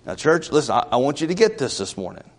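A man's voice: on the high side, big pitch swings, fast talker. A male pastor preaching a sermon in a church, emphatic and questioning the congregation. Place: church sanctuary. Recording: long reverb of a large church.

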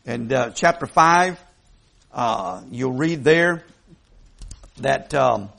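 A man's voice: medium pitch, drawn-out words, vocal fry, a bit bright. A man preaching a sermon in a folksy, emphatic way, putting questions to the congregation.

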